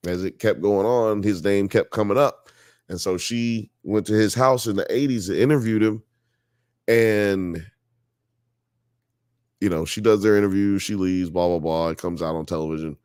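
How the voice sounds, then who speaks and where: In a clean, darkish, lowish voice at a moderate pace, he hosts a live show and chats his way through a story. Fillers like "you know" and "blah blah" pop up often, and he grows emphatic when excited. The studio sound has no room ambience.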